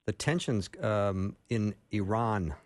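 A man's voice: mid-range voice, brisk, no room sound, clean studio sound. A man hosting a radio talk show, chatting casually with fillers and easy laughs.

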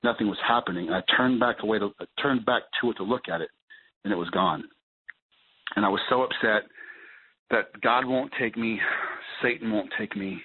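Man, guest on a call, personal testimony, halting restarts, husky low voice, phone-line sound. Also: dry recording. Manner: halting, repeats words as he restarts. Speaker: guest sharing his recovery story.

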